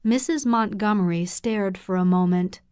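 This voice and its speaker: A woman narrating an audiobook for language learners in a clear, measured reading. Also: mid-range voice, a little mellow, no echo, studio quality.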